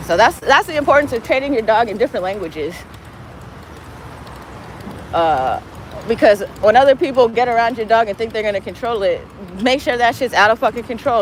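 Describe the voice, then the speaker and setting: A woman's voice: on the high side, lively intonation, brisk, a little hiss or hum, low-quality recording. A woman livestreaming as she walks outdoors, talking casually in a meandering, profane way. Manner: profane, meandering, talks to her cat in baby talk. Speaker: live streamer. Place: outdoors on a city street, walking.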